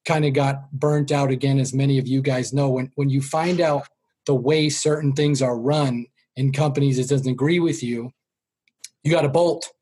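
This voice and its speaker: A man's voice: mid-range voice, steady tone, moderate pace, warm tone. A middle-aged man with a Boston accent, a sales trainer telling his career story in an interview, joking and dropping his voice to quote his parents. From Boston area. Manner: self-deprecating, jokey, drops voice for quoted parents.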